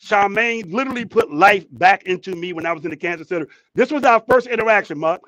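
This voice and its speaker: A man co-hosting a talk show, telling a story with excitement and repeating his words. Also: high-pitched, fast talker, dry recording, poor audio. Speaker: co-host. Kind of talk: casual talk show chat. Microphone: headphones, studio mic.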